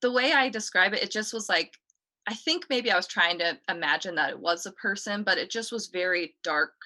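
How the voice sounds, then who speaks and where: A woman's voice: mid-range voice, brisk, pushed and bright. A woman, a guest on a talk show, casually recounting a story in a chatty way, full of "like" and "you know". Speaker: guest telling a ghost story.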